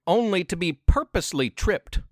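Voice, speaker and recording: A man reading a children's adventure story aloud as narrator, slow and expressive. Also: high voice, no room sound, clean studio sound. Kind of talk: scripted narration.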